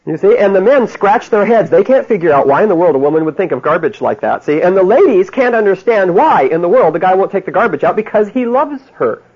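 A man's voice: high voice, sing-song, brisk, hardly any pauses, a little mellow, slightly rough. A man giving a seminar talk to a live audience, telling folksy stories with little chuckles and often asking "you see?". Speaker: seminar speaker on marriage. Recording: dull lo-fi tape of a talk.

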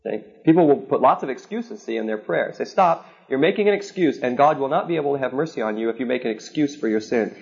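A man's voice: mid-range voice, lively intonation, fast talker, gravelly, hardly any pauses. A man teaching a sermon in an earnest, repetitive way, often checking in with "okay?". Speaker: preacher teaching on counseling. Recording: slightly dull lo-fi recording.

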